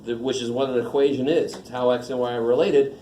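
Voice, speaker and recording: Male math instructor, relaxed classroom lecture, mellow tone, echoey room with faint hum. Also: mid-range voice, brisk. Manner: joking, informal, asks the class questions.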